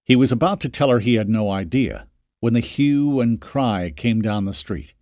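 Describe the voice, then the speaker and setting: A man narrating an audiobook in a scripted, expressive reading. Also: medium pitch, normal speed, no echo.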